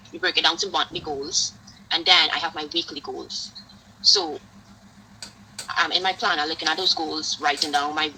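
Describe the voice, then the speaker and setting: Bright-voiced woman hosting a casual chat. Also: deep voice, a little hiss or hum, low-quality recording. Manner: lively storytelling with frequent "like" fillers. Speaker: podcast host.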